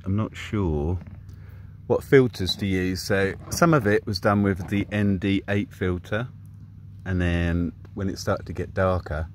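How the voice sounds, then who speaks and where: A man's voice: low voice, slight background noise. An Englishman chatting casually as he narrates his own outdoor vlog by a river, speaking into a camera mic. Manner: chatty, laid-back commentary while walking outdoors. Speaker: vlogger filming drone flights. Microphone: camera mic, exposed to wind.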